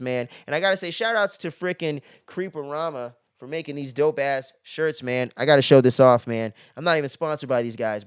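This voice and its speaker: A man's voice: fairly high pitch, clear, resonant tone, no echo, clean studio sound. Laid-back, profanity-heavy man reviewing a film. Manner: slangy and profane, ends many phrases with "man". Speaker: movie reviewer. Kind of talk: casual spoiler movie review.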